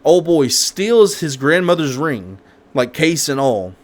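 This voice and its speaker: A man's voice: a little high, slow pace. Rambling casual man. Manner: rambling, animated, full of restarts and slang like "dude" and "bro". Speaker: co-host. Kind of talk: casual chat recapping a movie.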